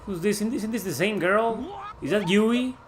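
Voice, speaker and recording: A man doing live gameplay commentary, chatting with viewers, swearing and shouting at the game. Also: high voice, normal speed, a little hiss or hum. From Mexico. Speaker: gaming streamer.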